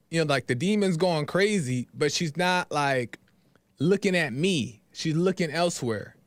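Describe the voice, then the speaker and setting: A man's voice: a little high, no echo. Man telling a story, dry close sound. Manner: loose, repetitive, talks in fillers and "right?". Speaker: podcast host. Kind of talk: casual storytelling monologue.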